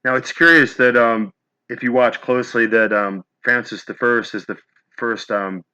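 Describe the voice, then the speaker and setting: A man's voice: medium pitch, steady tone, normal speed, sharp tone, clean tone, muffled recording. A man hosting an interview, asking long, hesitant, searching questions. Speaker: host. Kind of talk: conversational interview.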